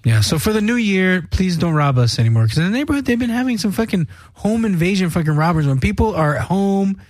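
Young dude swearing nonstop while telling a story, kinda high voice, dry sound. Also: male voice, fast talker, no room sound. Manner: profane animated storytelling. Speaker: podcast co-host. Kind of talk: casual chat.

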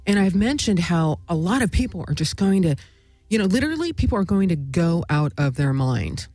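A woman's voice: on the low side, big pitch swings, fairly quick, a little mellow, no echo, studio quality, faint music behind. A woman hosting a spiritual talk show, speaking in a meandering monologue full of "you know" and "right?". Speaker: host.

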